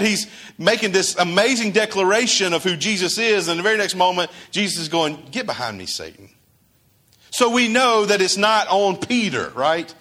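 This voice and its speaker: A man preaching a sermon, his voice sitting a little high for a man. He talks to his congregation casually, asking them questions and answering them himself. Now and then he acts out quoted dialogue. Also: bright, forceful tone. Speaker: pastor.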